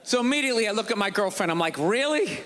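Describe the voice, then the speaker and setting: A man doing a sarcastic, ranting stand-up routine on a comedy stage, shouting his punchlines over a live audience. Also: sits high, expressive, racing. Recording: live stand-up with loud crowd and room noise.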